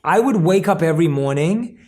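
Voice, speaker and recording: A man hosting a podcast, sharing a personal story in casual, reflective chat, thoughtful and halting with restarts. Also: on the high side, lively intonation, darkish tone. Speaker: podcast host.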